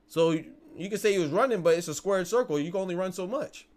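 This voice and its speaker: A man's voice: sits high, a little mellow. A man hosting a live boxing stream, chatting casually and asking viewers whether they follow him. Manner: chatty, tag questions, quick restarts.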